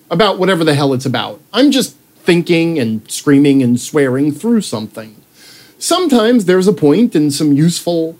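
A man's voice: fairly high pitch, darkish tone. Sarcastic man ranting through his own article. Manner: sarcastic, swearing, breaks off to joke and laugh; puts on mock voices when quoting people. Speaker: writer reading his own article aloud. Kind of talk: ranting proofread read-aloud.

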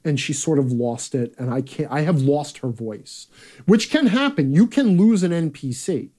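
A man's voice: a little high, animated, moderate pace, warm tone. A man hosting a live chat, talking bluntly and casually with profanity and rambling asides. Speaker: host.

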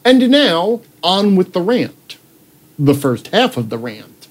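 A man's voice: sits high, huge pitch swings, slow, slightly rough. A man reading his own article aloud in a sarcastic, swearing rant, breaking off to joke about it. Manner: puts on mock voices when quoting people. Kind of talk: ranting proofread read-aloud.

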